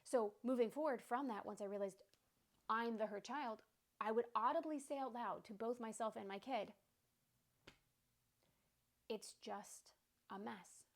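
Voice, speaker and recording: A woman's voice: fairly high pitch, moderate pace. A woman in her thirties hosting a podcast on emotional healing, talking in a casual, reassuring way and checking in with "okay?" and "right?". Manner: conversational, reassuring, many "okay?" and "right?" asides. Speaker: podcast host. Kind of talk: casual self-help talk.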